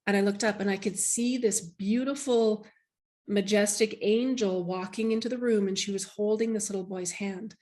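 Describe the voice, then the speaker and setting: A woman's voice: medium pitch, fairly even intonation, normal speed, a little mellow. A woman guest, a medium, telling an emotional personal story in an interview, heartfelt and earnest with many restarts.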